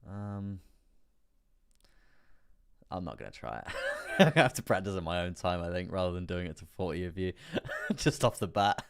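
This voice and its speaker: Man, very deep voice, casual livestream host, chatty, laughs a lot, repeats himself. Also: lively intonation, moderate pace, creaky, pauses often, clean tone. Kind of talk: casual live chart analysis.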